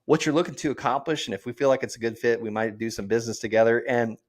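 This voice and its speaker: A man hosting a podcast, energetic and joking, ending with a salesy call to action. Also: mid-range voice, quick pace. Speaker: podcast host. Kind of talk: casual interview and sign-off pitch. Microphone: portable setup.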